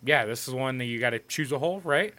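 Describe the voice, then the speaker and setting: A man's voice: medium pitch, fast talker, pushed and bright. A man co-hosting a casual chat, joking, swearing freely and laughing a lot. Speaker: co-host.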